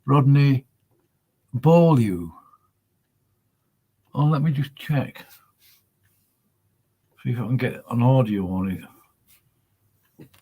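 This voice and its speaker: Slow, rambling male livestream host. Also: medium pitch, animated, warm tone, slightly rough. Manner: slow, rambling, thinks aloud with many pauses. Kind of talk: casual solo livestream chat.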